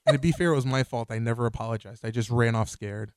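A man's voice: mid-range voice, fast talker, clear, resonant tone, no echo. A man on a casual podcast, joking and swearing as he rambles, a bit tipsy from beer. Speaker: podcast cohost. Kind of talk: casual chat.

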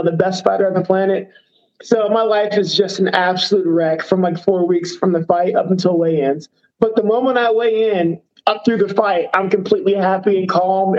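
A man's voice: high-pitched, a little mellow, lo-fi sound. A man, a professional fighter, talking casually in an interview, rambling with many fillers and poking fun at himself. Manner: rambling, self-deprecating, lots of fillers.

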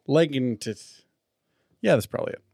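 A man co-hosts a casual whiskey-tasting podcast and rambles along with a running string of jokes at his own expense. His voice sits at an ordinary pitch and is captured close up in a dry room. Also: normal speed, vocal fry, darkish tone, slightly rough, no echo. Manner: joking, rambling, self-deprecating. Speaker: podcast co-host.

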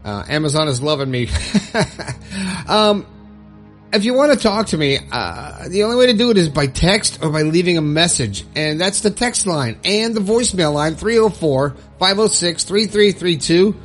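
A man's voice: high-pitched, expressive, moderate pace, faint music behind. A man hosting his own podcast, talking in a chatty, upbeat, folksy way. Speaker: podcast host. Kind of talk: casual solo podcast talk.

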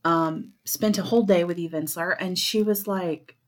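A woman's voice: lowish voice, steady tone, normal speed. A woman talking candidly and earnestly in a casual podcast conversation, swearing now and then.

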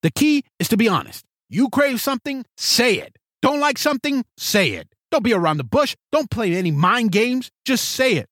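A man's voice: very high voice, very animated, moderate pace, few pauses, a bit bright, no echo, studio quality. A man hosting a relationship talk show, speaking bluntly and heatedly, swearing often. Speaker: podcast host. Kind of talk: acted couple skit with commentary.

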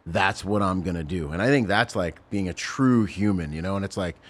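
A man's voice: sits low, a little fast. A man, a Marine veteran, telling stories in a casual conversation and acting out the voices of people he quotes. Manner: intense storytelling, acts out quoted voices.

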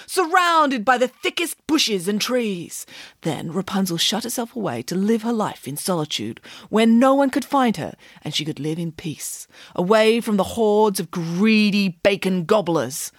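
A woman's voice: mid-range voice, no echo, studio quality. A woman narrating a children's story in a playful, dramatic way. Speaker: audiobook narrator. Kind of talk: expressive scripted narration.

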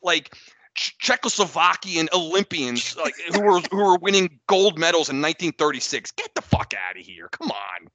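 A man co-hosting a sports podcast, ranting excitably with laughter and swearing. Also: a little high, moderate pace, no room sound, muffled recording. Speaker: podcast co-host. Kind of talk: casual podcast banter.

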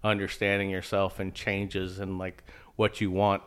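Smooth-voiced man in his fifties. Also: low-pitched, monotone, a little slow, fairly bright tone. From Richmond, Virginia, US. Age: 50s. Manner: easygoing, joking, thinks aloud with fillers. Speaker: podcast guest, mental health counselor. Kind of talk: casual interview chat.

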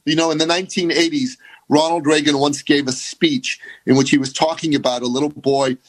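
A man's voice: on the high side, fairly even intonation, a little fast, rough recording. A man from the Middle East, a guest commentator, speaks in heated, emphatic bursts. He often stumbles and restarts mid-sentence.

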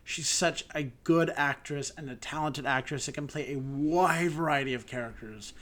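A man's voice: fairly high pitch, normal speed, fairly bright tone. A man co-hosting a podcast, chatting casually and gushing with enthusiasm. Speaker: podcast co-host.

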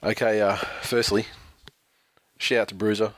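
Low-voiced Australian man, swearing and rambling. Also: little pitch movement, normal speed, a bit bright. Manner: swears freely, rambling storyteller who laughs as he talks. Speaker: podcast co-host. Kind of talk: casual chat.

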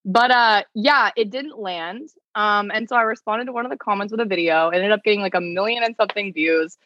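A young adult woman, an attorney guest on a podcast, telling an animated story in casual chat, full of "like" and quoted lines. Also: medium pitch, brisk, muffled recording, a little hiss or hum. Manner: animated storytelling, heavy use of "like", quoting people. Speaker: attorney and content creator, guest.

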